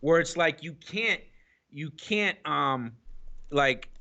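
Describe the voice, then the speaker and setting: Bright-voiced streetwise man chatting. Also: fairly high pitch, expressive, takes it slowly, gravelly, a little hiss or hum. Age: older than co-host. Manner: rambling, streetwise, frequent "you know what I'm saying". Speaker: podcast co-host. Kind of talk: casual podcast chat.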